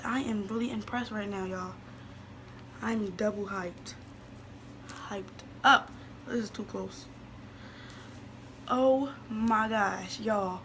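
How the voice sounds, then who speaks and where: A young woman chatting excitedly to her viewers in a casual beauty vlog, calling them y'all. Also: on the high side, background noise. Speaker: beauty vlogger. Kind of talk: casual wig unboxing vlog.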